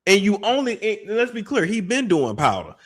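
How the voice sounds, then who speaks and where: A man hosting a reaction show and commenting on a clip in an animated, laughing, profane and incredulous way. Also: high-pitched, a little fast.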